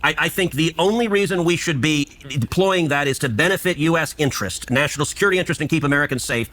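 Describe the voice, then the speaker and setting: A man's voice: on the high side, fast talker, a bit bright. A man in a heated debate who presses his points insistently and often restarts with stammers. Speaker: senator.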